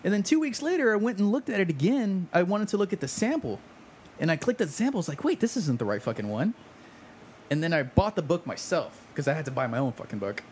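A man co-hosting a podcast, telling a story in an animated way and swearing a lot while chatting casually. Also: high-pitched, fast talker, a little hiss or hum. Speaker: podcast co-host and self-published author. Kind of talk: casual chat.

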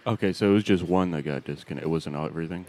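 A man's voice: deep voice, rapid-fire, a little mellow, slight background noise. A man co-hosting a casual podcast on a desk microphone, teasing and laughing. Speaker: podcast co-host. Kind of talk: casual chat. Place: home room, recording a podcast. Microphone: desk microphone on a stand.

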